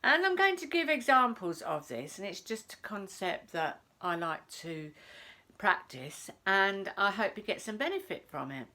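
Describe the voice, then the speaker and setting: Chatty woman with a lively voice. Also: mid-range voice, a little slow. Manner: chatty, repeats phrases, says "I says". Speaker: self-help vlogger. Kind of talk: casual storytelling to camera.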